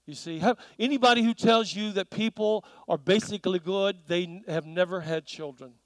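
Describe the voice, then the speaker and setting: High-voiced animated male preacher. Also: normal speed, no room sound, poor audio. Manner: animated storytelling with audience questions. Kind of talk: sermon. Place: church.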